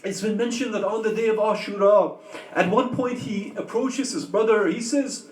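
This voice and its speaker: High-voiced male preacher, echoey and distant. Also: steady tone, normal speed, slight background noise. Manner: emotive storytelling with rhetorical questions. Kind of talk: sermon narration. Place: community religious center hall. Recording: roomy, distant mic in a hall.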